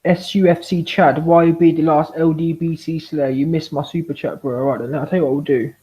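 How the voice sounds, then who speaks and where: Brief: man, fairly high voice, laid-back slangy streamer, echoey room. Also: little pitch movement, a little fast, dark tone, highs cut off. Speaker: boxing commentary channel host. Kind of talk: casual live-stream chat reading super chats. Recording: roomy echo.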